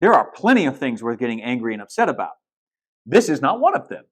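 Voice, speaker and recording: A man's voice: mid-range voice, very animated, quick pace, a bit bright. A male pastor preaching a sermon in a casual, storytelling way, retelling film scenes with blunt asides and restarts.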